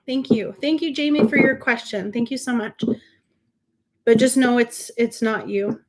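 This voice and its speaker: A woman's voice: fairly high pitch, normal speed, very noisy. A woman giving a live tarot reading, reassuring and emotional, calling viewers honey and sweetheart, often stopping and restarting her sentences. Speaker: tarot reader and livestream host.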